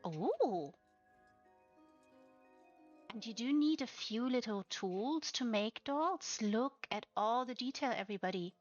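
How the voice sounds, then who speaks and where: A woman streaming a tour of player-built houses, gushing with breathy exclamations and soft whispers between her remarks. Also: on the high side, lively intonation, slow, pauses often. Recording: slightly dull lo-fi sound with faint music behind.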